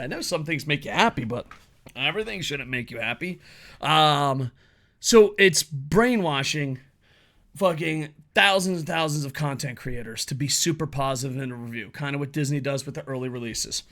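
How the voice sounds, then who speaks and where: A man's voice: mid-range voice, normal speed, a bit bright. A man giving a blunt, profanity-heavy solo opinion rant as a wrestling commentary YouTuber.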